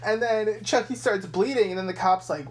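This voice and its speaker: A woman's voice: mid-range voice, moderate pace. A young woman co-hosting a podcast, casually recapping a movie scene by scene, swearing freely and acting out characters' lines. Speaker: podcast co-host. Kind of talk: casual film recap chat.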